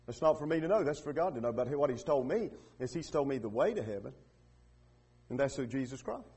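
A man preaching a sermon in a church, building from quiet, hushed passages to loud, emphatic peaks with repeated rhetorical questions. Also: mid-range voice, expressive, fairly quick, husky. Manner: repetitive call-and-response questioning. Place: church with radio and online broadcast.

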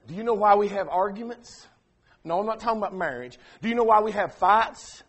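A preacher, delivering a sermon that swings from quiet asides to shouted emphasis. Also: male voice, sits high, expressive, fairly quick, husky. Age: 40s.

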